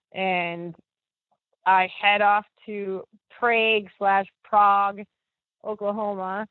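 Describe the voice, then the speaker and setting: A woman's voice: medium pitch, no room sound. A young woman chats through a story on a phone interview, rambling and full of "like"s. Her voice comes over a tinny, narrow phone line with no room sound at all. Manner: chatty, rambling, filler-heavy with many "like"s. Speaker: interview guest.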